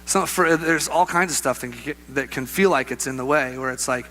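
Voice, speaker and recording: Bright, animated male pastor preaching. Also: mid-range voice, normal speed, few pauses, a little hiss or hum. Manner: animated storyteller, acts out voices with laughs. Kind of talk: sermon with a personal story.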